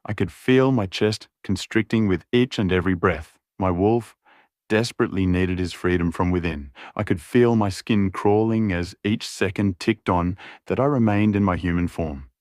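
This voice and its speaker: A man narrating a romance audiobook in the first person, steady and brooding. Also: low-pitched, normal speed, no echo, clean studio sound.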